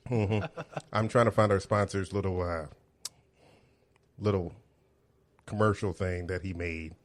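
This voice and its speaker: A man's voice: low-pitched, fairly even intonation, unhurried. Man murmuring agreement in casual chat. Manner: constant "mm-hmm" backchannels, supportive. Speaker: podcast co-host.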